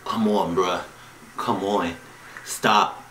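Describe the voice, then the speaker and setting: A man reacting to videos in casual commentary, excitable, with frequent swearing and loud outbursts. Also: low voice, extremely slow, background noise. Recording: roomy echo.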